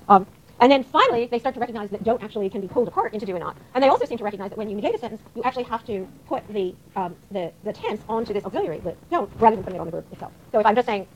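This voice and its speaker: Fast-talking animated woman lecturer. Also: mid-range voice, slight background noise, low-quality recording. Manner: fast, animated explaining with frequent fillers. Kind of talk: university lecture. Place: lecture hall.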